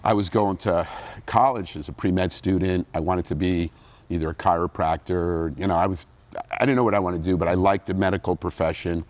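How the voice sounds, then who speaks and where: Deep-voiced man telling his story. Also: a little fast. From New Jersey, USA. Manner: animated storyteller, acts out quotes. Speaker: interview guest, former pro bodybuilder. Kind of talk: casual storytelling interview.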